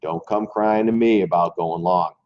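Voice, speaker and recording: A man's voice: low-pitched, normal speed. A man hosting a stock trading live stream in a loose, rambling way, talking straight to his viewers and often repeating words. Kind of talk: casual live stream commentary. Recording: dull lo-fi stream audio.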